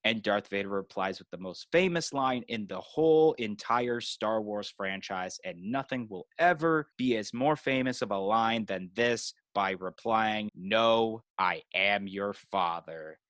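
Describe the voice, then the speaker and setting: Low-voiced man recapping a film casually. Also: animated, measured pace, few pauses, fairly bright tone, dry recording. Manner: loose storytelling full of "you know" and "like" fillers. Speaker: podcast co-host. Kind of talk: casual movie recap chat.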